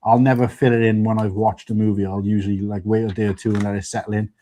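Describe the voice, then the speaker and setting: A man's voice: lowish voice, little pitch movement, quick pace, mellow. A man hosting a casual panel chat, a rambling, chatty storyteller. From United Kingdom. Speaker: stream host.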